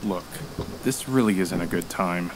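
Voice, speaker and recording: A weary, gruff hero with a lowish voice and blunt, sardonic lines. Clear background noise runs under this video game dialogue. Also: male voice, unhurried. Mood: dry. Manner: blunt, dry, sardonic delivery. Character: weary, gruff man hunting for a lost woman.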